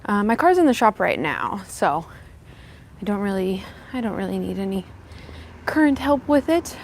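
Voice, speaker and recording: A woman's voice: mid-range voice, sing-song, normal speed, gravelly, slight background noise. A young woman chatting upbeat with her live viewers while walking outdoors, a little out of breath. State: slightly out of breath from walking uphill. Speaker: vlogger live-streaming. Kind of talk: casual live-stream chat while walking. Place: outdoors on a windy walk.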